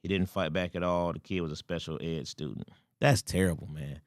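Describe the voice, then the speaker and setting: A man's voice: sits low, fairly quick, no echo, studio quality. A man co-hosting a casual talk radio show, speaking in an emphatic, slangy way. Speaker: co-host.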